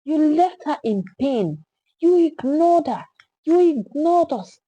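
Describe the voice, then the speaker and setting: A woman voicing a grief-stricken young husband who shouts in fury and disbelief. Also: very animated, takes it slowly, dry recording, exaggerated voice, rough recording. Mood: raging. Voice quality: shouting, high-strung.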